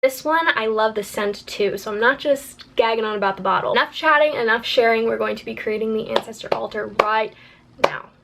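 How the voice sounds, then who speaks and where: Playful chatty woman with a gravelly edge. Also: on the high side, brisk, fairly bright tone, a little hiss or hum. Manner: chatty and playful, showing things on camera. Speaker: vlogger. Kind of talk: casual vlog chat. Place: home, indoors.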